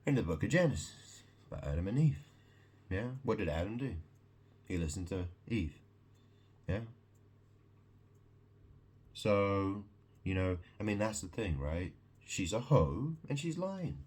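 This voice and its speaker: Man, very low and husky, slow rambling monologue, swears, repeats himself, keeps asking "yeah?". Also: animated, a little mellow. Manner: rambling, repetitive, profane, keeps checking in with "yeah?".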